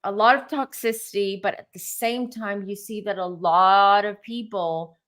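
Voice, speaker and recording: A woman's voice: medium pitch, steady tone, unhurried, a bit bright. A woman in her thirties, a clairvoyant tarot reader hosting a casual chat, talking earnestly and repeating herself as she goes. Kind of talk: casual spiritual reading chat.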